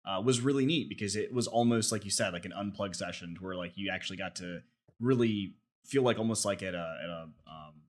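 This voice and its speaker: A man co-hosting a podcast tells a long, rambling story in casual chat, leaning heavily on fillers and restarts. His voice sits low and moves at a fairly quick clip.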